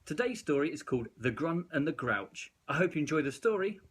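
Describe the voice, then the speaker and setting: Man reading a children's story, expressive. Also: fairly high pitch, fairly quick, breathy edge. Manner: expressive, playful. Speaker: storybook reader.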